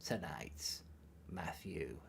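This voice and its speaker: A man voicing a sinister old male emperor, speaking slow, hushed and rasping. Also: deep voice, lively intonation, slight background noise, voice pushed down, exaggerated voice. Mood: menacing.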